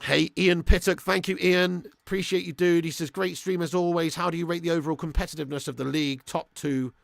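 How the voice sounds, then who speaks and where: A man's voice: a little high, steady tone, brisk, vocal fry, no echo, studio quality. A young man hosting a live match watch-along, swearing freely and reading out viewer messages. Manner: crude, swearing fan banter; reads out viewer super chats. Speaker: fan channel host.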